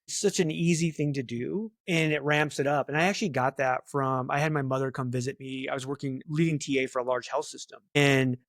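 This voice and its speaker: A middle-aged man talking as a guest in a casual interview, chatty and animated, full of filler words. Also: medium pitch, brisk, few pauses, no room sound, studio quality. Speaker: talent acquisition leader, guest.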